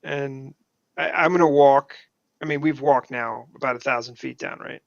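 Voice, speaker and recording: Gravelly man on a dull, dry mic. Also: medium pitch, normal speed, no room sound. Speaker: player. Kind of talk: casual tabletop game chat.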